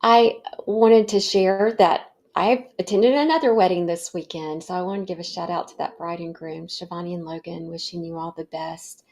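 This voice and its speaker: A middle-aged woman hosting a wellness show, telling a personal story in a warm, reflective way with fillers. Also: on the low side, fairly even intonation, moderate pace, hardly any pauses. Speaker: podcast host.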